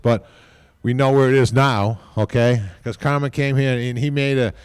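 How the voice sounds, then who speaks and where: A man speaking at a podium microphone during an induction ceremony, rambling informally, repeating himself and tagging lines with a quick "okay?". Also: medium pitch, steady tone, clear, resonant tone, no room sound. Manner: repeats words and restarts often. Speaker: team executive giving induction speech.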